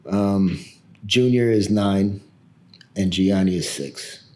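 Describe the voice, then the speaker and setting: A man's voice: sits low, slow. A man in his thirties, a barber guest on a podcast, telling a story in casual chat and acting out the people he quotes. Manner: animated storyteller who acts out the people he quotes.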